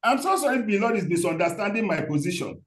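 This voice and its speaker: A man's voice: sits high, big pitch swings, quick pace, fairly bright tone. A man, a lawyer addressing the court, stammering and apologetic. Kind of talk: courtroom proceedings. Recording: roomy courtroom echo.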